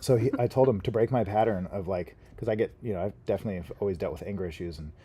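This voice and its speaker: A man's voice: fairly low pitch, very fast, warm tone, a little hiss or hum. A middle-aged man hosting a casual podcast chat, talking things through in a reflective way and swearing now and then. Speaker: podcast host.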